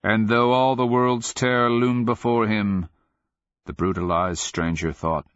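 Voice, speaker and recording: Brief: male narrator, deep and unhurried, grave reading, dry dull lo-fi recording. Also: steady tone, a bit bright, dry recording. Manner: measured, grave storytelling. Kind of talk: scripted audiobook narration.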